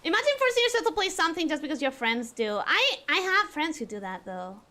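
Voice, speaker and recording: A high-pitched woman streamer chatting with her chat in a quick, casual way. Her voice is bright, and her pitch jumps around a lot. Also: sing-song.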